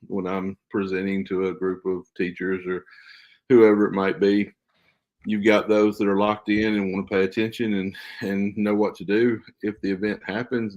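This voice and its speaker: A man with a fairly low voice speaks as a guest on a casual podcast. He explains his views in an earnest, emphatic way, like someone who trains school staff.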